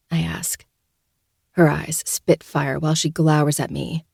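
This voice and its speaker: A woman's voice: sits low, flat delivery, measured pace, creaky, darkish tone, no room sound. A woman podcast host narrating a novel in the first person, in a dry, sardonic manner. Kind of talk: audiobook narration.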